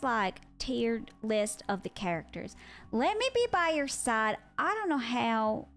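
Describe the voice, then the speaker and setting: A young woman streaming live and chatting casually, excitable and quick to swear. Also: on the high side. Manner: excitable, swears freely, loud outbursts. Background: faint music.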